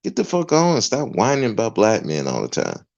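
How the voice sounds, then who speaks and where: A man's voice: medium pitch, huge pitch swings, fairly quick, creaky, darkish tone. A podcast host, a man, delivering an emphatic, profane livestream rant. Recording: dull lo-fi recording.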